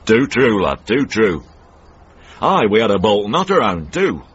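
A cantankerous old northern uncle, Northern English accent, low husky grumble, radio drama, muffled broadcast sound. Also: male voice, big pitch swings, a little slow, a bit bright, exaggerated voice. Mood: reminiscing.

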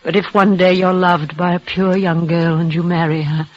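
An actress voicing a dying, devoted young woman in an old radio drama, speaking in breathless, halting, emotional bursts. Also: fairly low pitch, flat delivery, soft background music, close to an everyday voice. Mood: resigned, tender. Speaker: leading lady in a radio play. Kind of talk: 1940s radio acting. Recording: dull lo-fi old radio recording.

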